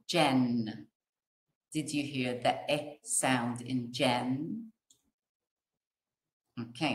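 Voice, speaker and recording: Low-voiced woman teacher sounding out words super slow for little kids, echoey room. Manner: slow, sing-song sounding out of letters for small children. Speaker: kindergarten teacher. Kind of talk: classroom phonics lesson.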